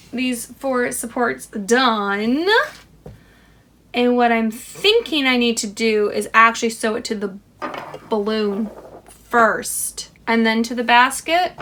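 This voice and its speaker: A woman's voice: on the high side, a bit bright. A young woman talking to herself as she crochets a toy, chatty and self-deprecating, laughing at her own mistakes. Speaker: crochet vlogger. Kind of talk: casual self-talk while crafting.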